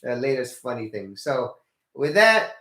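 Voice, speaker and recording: A man's voice: mid-range voice, very animated, a little slow, a bit bright. An older man, a nurse from the Philippines, giving a rambling casual video update full of fillers and blunt swearing. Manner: rambling, many fillers and restarts. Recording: echoey room.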